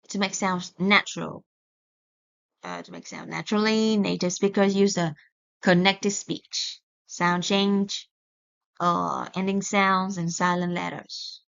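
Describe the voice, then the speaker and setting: A woman with a mid-range voice teaches English pronunciation at an unhurried, careful pace. She often stops to correct herself. The recording sounds a little dull and lo-fi. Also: mid-range voice, gravelly, fairly bright tone. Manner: slow and deliberate, with self-corrections. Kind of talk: recorded lesson.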